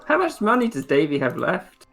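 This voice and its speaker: A man's voice: high voice, normal speed, soft background music. A man acting as game master in a casual tabletop role-playing session, tallying sums and narrating the scene. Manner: relaxed, tallies sums, narrates shop scenes.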